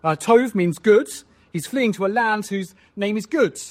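A man delivering a sermon in a voice that sits high for a man. He walks his listeners through the text verse by verse, often ending points with rhetorical questions. He speaks as a preacher addressing his congregation. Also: expressive, measured pace.

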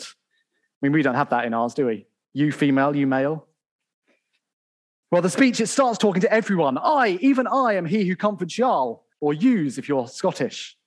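Man, preacher, sermon, high voice, animated loud calls, reads scripture aloud. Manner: animated, calls out loudly in bursts.

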